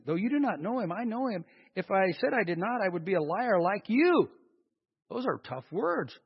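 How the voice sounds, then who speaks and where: A man's voice: high voice, lively intonation, a little fast, husky. A man preaching a conversational sermon, asking his congregation questions as he teaches. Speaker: pastor. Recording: dull long-reverb hall sound.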